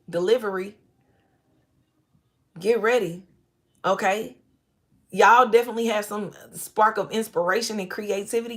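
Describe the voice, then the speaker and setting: A woman's voice: medium pitch, a bit bright. A woman reading tarot cards for her viewers, emotional and effusive, now and then breaking into gospel song. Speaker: tarot reader.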